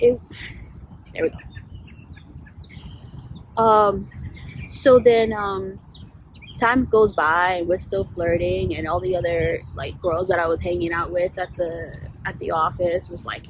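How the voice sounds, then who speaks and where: A woman's voice: fairly low pitch, a little slow, pauses often, a little hiss or hum, low-quality recording. A woman, a life coach telling a candid, profanity-laced story in a storytime vlog.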